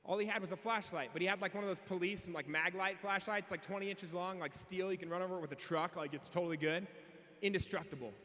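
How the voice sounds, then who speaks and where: A keynote speaker in his thirties gives a motivational speech in a large convention hall, telling funny stories and acting out the voices of the people in them. His voice is high and fast, and the hall is echoey with long reverb.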